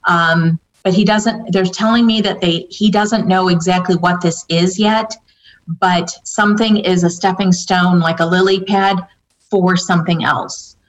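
A woman's fairly low, fairly evenly intoned voice delivers a psychic reading a little slowly, answering questions from viewers. She relays the spirits' words hesitantly, with lots of fillers and restarts. The audio is dull and lo-fi.

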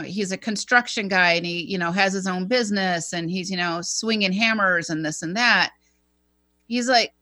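Female co-host, bright tone, dry close sound, animated storyteller who voices her quotes. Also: medium pitch, moderate pace, dry recording. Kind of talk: conversational storytelling.

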